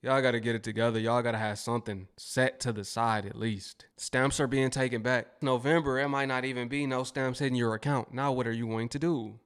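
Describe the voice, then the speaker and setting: A man's voice: mid-range voice, steady tone, fairly quick, hardly any pauses, smooth. A man hosting a reaction commentary, laid-back and teasing, speaking in casual slang. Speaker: commentary host.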